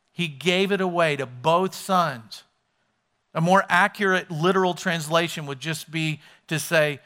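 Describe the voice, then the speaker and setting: A man's voice: high voice, bright, forceful tone, smooth. A man preaching a sermon on a Bible parable, acting out the characters' lines as he retells the story. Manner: acts out the story's characters in voices. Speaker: pastor.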